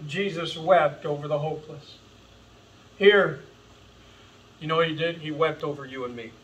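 A man's voice: fairly high pitch, normal speed, a bit bright, far from the mic, poor audio. A man preaching an earnest, impassioned sermon as pastor, calling his listeners folks. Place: church sanctuary.

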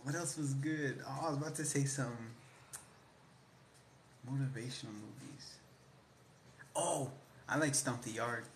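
A man's voice: mid-range voice, measured pace, long pauses, slight background noise. A young man in casual chat, rambling in slang about favorite movies and mimicking lines he likes. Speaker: vlogger.

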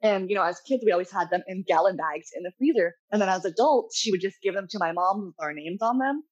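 A young woman talking casually as a guest, chatty and quick to laugh. Her mid-range voice comes through slightly dull and lo-fi. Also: mid-range voice, expressive. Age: young adult. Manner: chatty, laughs easily, quotes family. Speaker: pastry chef guest. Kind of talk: casual chat.

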